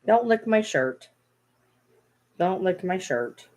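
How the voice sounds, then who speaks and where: A woman's voice: lowish voice, lively intonation, slow, a little mellow. A woman vlogging casually at home, playfully scolding her dogs in a baby-talk tone. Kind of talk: casual vlog chat.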